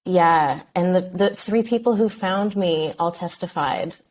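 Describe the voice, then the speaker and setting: A woman in her thirties, a podcast guest speaking candidly and thoughtfully, with many pauses and restarts. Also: on the low side, a little mellow. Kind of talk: candid interview conversation.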